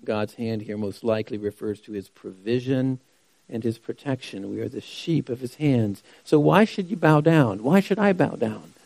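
A man's voice: mid-range voice, normal speed, gravelly, darkish tone, no room sound. A man preaching a sermon who asks rhetorical questions and repeats key phrases for emphasis. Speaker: pastor.

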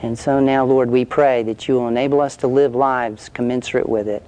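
A man's voice: mid-range voice, fairly even intonation, brisk, darkish tone, clean tone. A male preacher telling an illustration story in a conversational sermon, then leading a prayer.

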